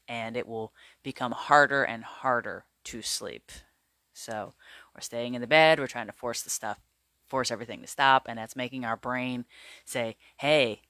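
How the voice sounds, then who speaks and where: A man vlogs casually to camera about wellness, rambling chattily with lots of fillers and glancing at his notes as he talks. His medium-pitched voice is bright and forceful, and the recording is smooth with no echo.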